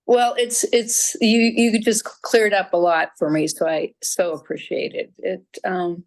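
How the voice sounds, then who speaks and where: A woman's voice: mid-range voice, a little slow, low-quality recording. A woman taking part in a group video call, grateful and laughing as she talks. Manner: grateful, laughs while talking. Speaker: course participant.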